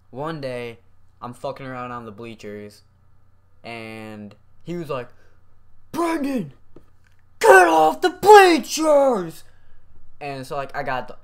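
A man's voice: medium pitch, clear, resonant tone. A young man casually telling a school story, rambling and swearing freely with lots of fillers. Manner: profane, rambling with many fillers. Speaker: vlogger.

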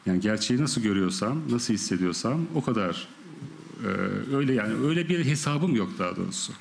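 A man with a Turkish accent, a film director answering at a press conference in halting English, full of fillers and laughing often. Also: fairly low pitch, expressive, gravelly, a little hiss or hum.

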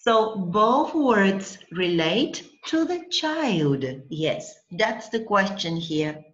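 A woman teaching a language lesson online, patient and deliberate, breaking words into syllables and checking in with the student. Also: lowish voice, animated, lo-fi sound. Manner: patient, slow, spells out syllables and checks with "okay?".

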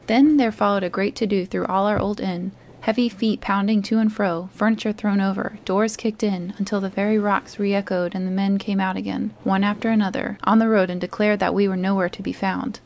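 Woman storybook reader, calm, soothing read-aloud. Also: medium pitch, brisk, gravelly, few pauses.

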